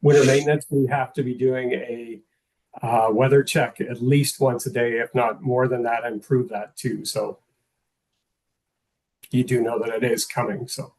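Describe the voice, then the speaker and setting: A male public works staffer giving a formal, steady report to council. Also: medium pitch, a little slow, low-quality recording. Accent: Canadian. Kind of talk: council meeting briefing.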